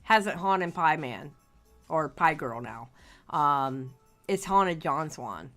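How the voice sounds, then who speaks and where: A woman's voice: deep voice, lively intonation, takes it slowly, fairly bright tone, faint music behind. A woman hosting a reaction commentary, exasperated and repeating herself as she insists she won't get angry. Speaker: commentary channel host.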